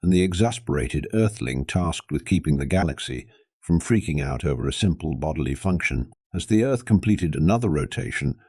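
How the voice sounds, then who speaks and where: Very deep-voiced male story narrator. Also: darkish tone, no room sound, studio quality. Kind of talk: scripted narration.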